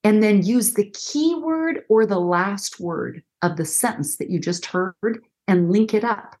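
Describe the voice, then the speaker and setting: A middle-aged woman counselor explaining listening skills in conversation, animated and acting out example dialogues. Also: mid-range voice, a little slow. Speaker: counselor and guest. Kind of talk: conversational teaching.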